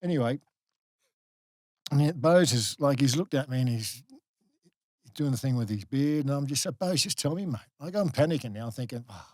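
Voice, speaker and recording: Aussie bloke telling a long story on a podcast, lots of um and like, dry sound. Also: male voice, mid-range voice, moderate pace, pauses often, no echo. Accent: Australian. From Australia. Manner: animated storyteller, many fillers and restarts. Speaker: guest, former rugby league player. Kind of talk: casual storytelling in a podcast interview.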